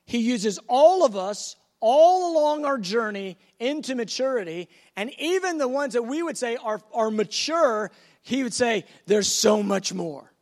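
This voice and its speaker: A man's voice: very high voice, expressive, measured pace, a little mellow, in a large hall. A man preaching an earnest, emphatic sermon, acting out scripture dialogue.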